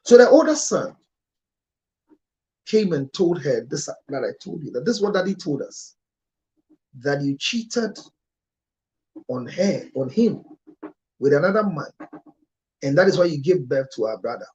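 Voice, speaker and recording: A male marriage counselor delivers an emotional monologue, his pitch and volume leaping upward in sudden bursts. He sounds close to tears at times. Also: big pitch swings, unhurried, pauses often, muffled recording. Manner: emotional, with sharp rises in pitch and loudness.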